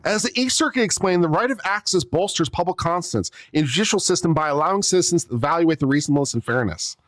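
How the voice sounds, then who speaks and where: A man's voice: on the high side, animated, fast talker, a bit bright. A man, an attorney, reading out a legal brief and picking it apart with sarcastic, exasperated asides, coughing now and then. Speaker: attorney commentator.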